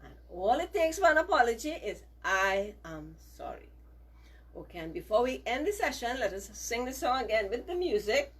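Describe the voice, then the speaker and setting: A woman's voice: high voice, very animated, fairly quick, few pauses, slightly rough, rough recording. A middle-aged woman teacher giving a values lesson to children, coaxing them to repeat phrases after her.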